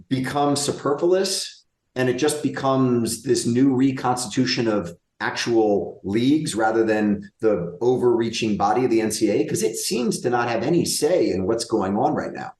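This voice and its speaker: A man hosting a casual interview, with a middle-pitched voice. He talks quickly and energetically, and his voice carries a roomy echo. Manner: quick, energetic anecdote telling. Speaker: interview host.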